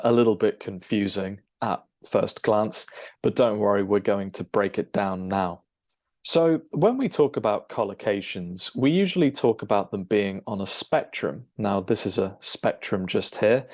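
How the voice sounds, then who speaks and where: A man, an English teacher, explaining a lesson over a shared screen, checking in with "okay?" and filling pauses with "um". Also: fairly low pitch. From United Kingdom. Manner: explanatory, frequent "okay?" check-ins and "um" fillers.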